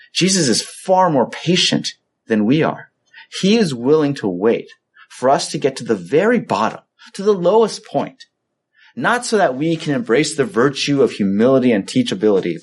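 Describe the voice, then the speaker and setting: A man's voice: mid-range voice, slightly rough. A man preaching a sermon as a pastor, telling the story in a conversational way and acting out the voices of the people in it.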